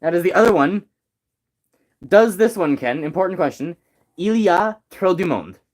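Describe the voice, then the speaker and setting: A man's voice: high-pitched, animated, normal speed. A young man in casual chat with friends, teasing them in a mock-teacherly way.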